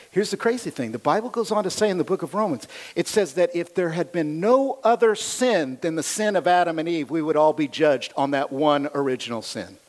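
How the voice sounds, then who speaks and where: A man preaching a sermon as pastor, animated and earnest, with self-teasing asides. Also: high-pitched.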